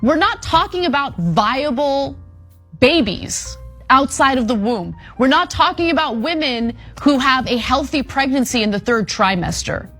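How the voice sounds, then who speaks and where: A woman's voice: sits high, animated, unhurried, fairly bright tone, faint music behind. A woman making pointed, argumentative political commentary.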